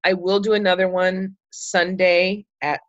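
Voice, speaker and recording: A woman's voice: on the low side, little pitch movement, unhurried, no room sound. Woman, middle-aged, chatty group leader, enthusiastic, fillers, dull lo-fi call audio, dry sound. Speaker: group leader hosting a book club call. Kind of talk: casual group talk.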